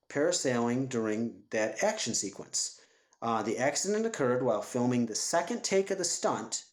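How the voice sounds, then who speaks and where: A man co-hosts a casual movie podcast, recounting scenes in an animated way and acting out the characters' lines. His voice sits at a middle pitch. The recording has a roomy echo. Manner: animated retelling, acts out movie quotes. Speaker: podcast co-host.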